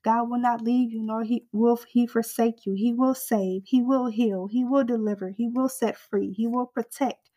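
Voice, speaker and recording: A woman's voice: fairly high pitch, steady tone, moderate pace, hardly any pauses, warm tone. Fervent woman preaching in rhythmic refrains. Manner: rhythmic, repetitive exhortation; fervent, building intensity. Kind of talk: sermon.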